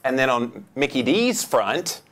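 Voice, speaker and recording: A man giving a lively, joking seminar talk, jumping up in pitch for emphasis. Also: a little slow. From United States. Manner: enthusiastic, joking, with big pitch jumps for emphasis. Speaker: seminar speaker. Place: lecture hall.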